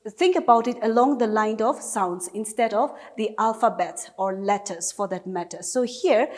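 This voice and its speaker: Higher-voiced woman teaching English. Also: in a large hall. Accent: Nagaland. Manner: patient, explains step by step with repeated examples. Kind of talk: classroom lesson explanation.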